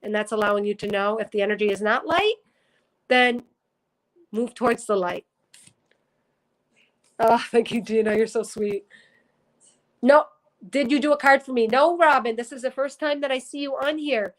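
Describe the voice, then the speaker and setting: A woman with a slightly high voice hosts a spiritual livestream, talking earnestly to her viewers. She rambles, corrects herself mid-sentence and sounds moved to the edge of tears. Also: moderate pace, pauses often, rough recording. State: teary, emotional. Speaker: psychic reader on a livestream. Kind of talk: casual spiritual livestream talk.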